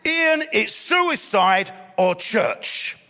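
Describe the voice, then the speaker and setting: Big broken-down doorman mate, rough and despairing, man doing his voice. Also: high voice, huge pitch swings, unhurried, a bit bright, full character voice. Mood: desperate. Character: despairing hulking male doorman friend.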